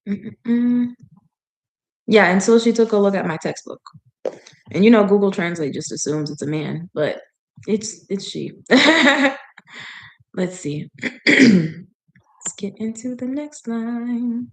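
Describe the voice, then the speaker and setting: A woman's voice: mid-range voice, lively intonation, takes it slowly, long pauses. A woman practicing reading aloud in a language she is learning, chatting as she goes, often laughing and stopping to puzzle over words. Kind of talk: casual reading practice with commentary.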